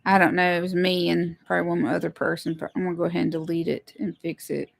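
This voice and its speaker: A woman's voice: on the low side, monotone, quick pace, creaky, no echo. A woman, chatting casually with viewers while hosting a home livestream. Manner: chatty, greets viewers, apologizes for tech trouble. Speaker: livestream host, homesteader.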